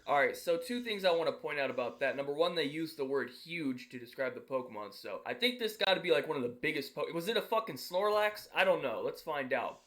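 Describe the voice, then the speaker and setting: A man's voice: on the high side, a bit bright. A man streaming casual commentary on a news story in a sarcastic, profane, mocking way.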